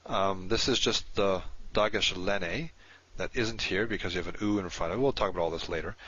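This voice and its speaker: A man teaching a recorded lesson, patient and explanatory, slowing down to spell out each word. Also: low-pitched, bright, forceful tone. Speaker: Hebrew teacher. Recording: dull lo-fi recording.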